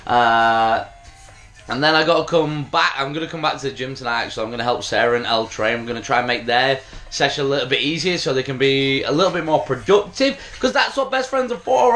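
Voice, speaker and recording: A young man talking in a relaxed, rambling way about his day as a lifting coach, with many "uh" fillers. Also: mid-range voice. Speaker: powerlifting coach and vlogger. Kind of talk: casual vlog chat and voice-over.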